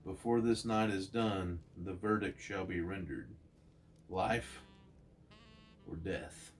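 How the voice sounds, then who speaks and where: A man voicing a solemn, aloof male alien watcher from a comic, speaking slowly and portentously. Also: low-pitched, soft background music. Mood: ominous.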